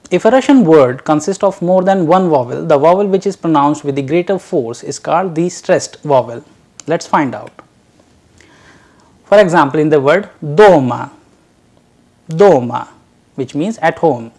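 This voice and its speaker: In a recorded language lecture, a man with a slightly high, darkish voice addresses his dear learners, drilling syllables and words slowly and carefully.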